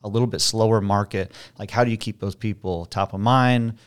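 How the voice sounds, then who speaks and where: A man with a fairly low voice talks openly about the ups and downs of selling houses. His delivery is candid and animated, with quoted thoughts acted out as he goes. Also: a little fast, clear, resonant tone. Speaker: real estate agent guest. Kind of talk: casual interview chat.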